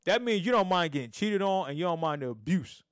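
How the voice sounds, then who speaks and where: A man co-hosting a casual sports podcast, animated and repeating himself as he trash-talks teams. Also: high-pitched, fairly quick, dry recording, clean studio sound. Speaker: podcast co-host.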